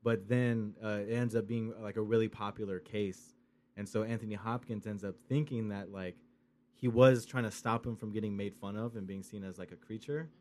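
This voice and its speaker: A man's voice: on the low side, fairly even intonation, normal speed, darkish tone. A young man co-hosting a podcast, chatting casually about movies in a laid-back, rambling way with lots of swearing and fillers. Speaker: podcast co-host.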